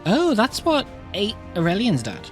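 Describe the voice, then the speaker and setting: Game master narrating a live tabletop game; expressive, mid-pitched, soft music under. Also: normal speed. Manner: laughs often, animated storytelling.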